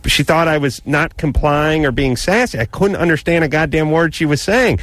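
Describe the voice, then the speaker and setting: A man's voice: fairly high pitch, moderate pace, a bit bright, dry recording. A man co-hosting a late-night call-in radio show, chatting casually and telling rambling, sardonic stories.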